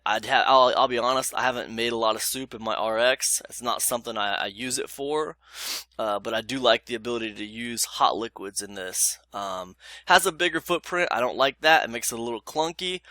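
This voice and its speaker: A man's voice: mid-range voice, normal speed, sharp tone, no room sound. A man casually reviewing blenders for his vlog, chatty and emphatic, with lots of fillers and "you guys". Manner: emphatic, repeats points.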